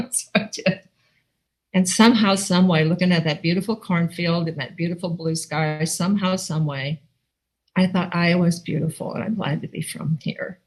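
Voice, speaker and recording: A middle-aged woman from Iowa shares her recovery story over a video call. Her voice sits a little low, and she tells it in an animated way. She laughs often and acts out what people said. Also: normal speed, rough recording. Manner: animated storytelling with frequent laughs and acted-out quotes. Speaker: recovery meeting speaker. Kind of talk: personal testimony. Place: home, online video call. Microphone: video call microphone.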